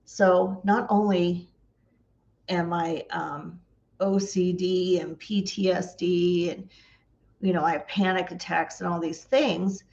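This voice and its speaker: A woman's voice: fairly low pitch, steady tone, slow pace, darkish tone, lo-fi sound. A woman vlogger telling funny stories in a chatty way, laughing often and acting out the dialogue. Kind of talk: casual storytelling.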